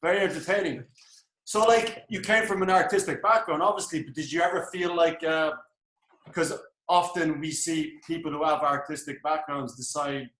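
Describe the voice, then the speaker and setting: A man's voice: a little high, normal speed, fairly bright tone. An Irish man hosting a podcast, asking eager, chatty questions. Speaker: podcast host. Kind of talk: casual interview chat. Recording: roomy echoey room.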